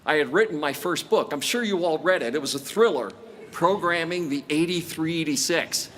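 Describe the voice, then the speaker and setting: A man's voice: fairly high pitch, moderate pace, a bit bright, slight background noise. Grandfatherly man telling career stories. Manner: storytelling with self-deprecating jokes. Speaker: commencement speaker. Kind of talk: commencement speech. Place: outdoor stadium ceremony.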